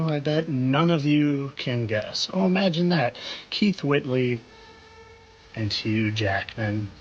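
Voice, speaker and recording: A man's voice: on the high side, slight background noise. Guy hosting a vid, kinda insinuating, repeats lines for effect, dull lo-fi audio. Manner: rhetorical and knowing, with repeated phrases. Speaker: video host. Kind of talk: insinuating commentary monologue.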